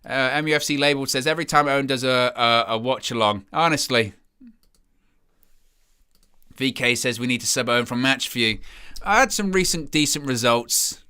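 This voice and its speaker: Hosting a live watch-along of a football match, a young man sounds glum over how his team is playing, rambling and making fun of himself. He speaks at normal speed with a medium-pitched voice that is bright, forceful, and smooth.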